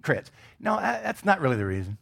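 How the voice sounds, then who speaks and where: Preaching a sermon, this middle-aged Michigan pastor has a slightly high, breathy-edged voice with vocal fry, talking a little fast. He's animated, tossing casual jokes to the congregation.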